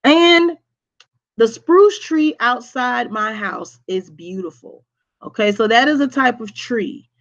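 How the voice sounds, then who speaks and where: A woman teacher with a fairly high voice and a Southern US accent talks through a lesson at a very slow, careful pace. She spells words out letter by letter and checks in with students as she goes. The recording is dull and lo-fi. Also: lively intonation.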